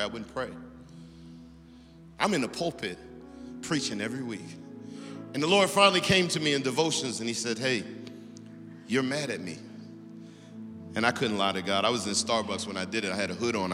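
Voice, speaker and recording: A middle-aged male pastor preaching a sermon, swinging between loud, animated exhortation and hushed storytelling. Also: lowish voice. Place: church auditorium. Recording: long reverb of a large hall.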